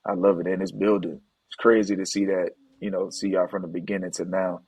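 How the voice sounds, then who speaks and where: A man's voice: low voice, level tone, fairly quick, darkish tone, rough recording. A man in his thirties talking as a podcast guest, laid-back and explaining things casually. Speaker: podcast guest, former pro basketball player. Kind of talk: casual interview talk.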